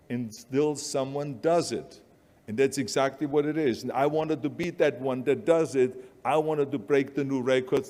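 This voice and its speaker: A man's voice: medium pitch, darkish tone. Older Austrian man urging in a big hall. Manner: emphatic, blunt, repetitive urging. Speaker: motivational speaker. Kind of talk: motivational speech.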